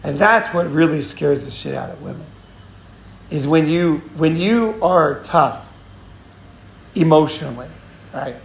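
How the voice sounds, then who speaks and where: A man's voice: on the high side, expressive, unhurried, creaky, long pauses, reverberant. A man hosting a casual advice monologue, blunt and profane, often restarting and repeating himself. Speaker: host.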